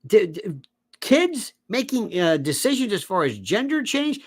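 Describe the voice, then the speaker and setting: A man delivering an animated, sarcastic political rant as a commentator, mocking his targets with sudden shouts and mutters. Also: high voice, no echo, clean studio sound. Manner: sarcastic, mocking, puts on quick voices of others.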